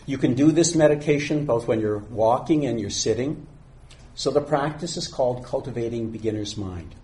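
Calm man giving a meditation talk. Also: medium pitch. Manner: calm, unhurried, reads a teaching poem slowly. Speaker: meditation teacher. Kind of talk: dharma talk.

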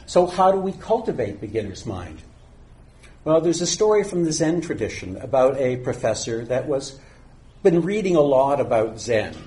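A man calmly giving a dharma talk as a meditation teacher, speaking unhurriedly. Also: medium pitch. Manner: calm, unhurried, reads a teaching poem slowly.

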